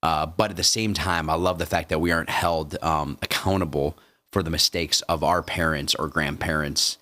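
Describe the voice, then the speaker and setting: Deep-voiced guy on a bible podcast, earnest and thankful, lots of uh's and restarts. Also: steady tone, normal speed, sharp tone. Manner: earnest, agreeable, many restarts. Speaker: podcast co-host. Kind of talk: casual faith discussion.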